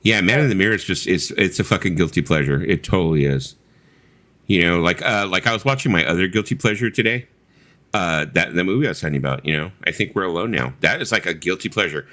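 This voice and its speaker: A man's voice: low-pitched, animated, bright, forceful tone. A man co-hosting a casual late-night stream chat, swearing freely and laughing as he talks. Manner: profane, laughing, does quick impressions. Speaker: co-host.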